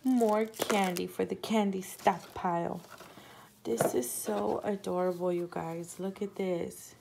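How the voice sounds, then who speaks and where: A woman hosting a casual unboxing chat from her home craft room. She gushes excitedly, often gasps, and keeps calling viewers "you guys.". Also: medium pitch, slow, creaky, slight background noise. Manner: gushing and excitable, often gasping. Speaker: crafting channel host.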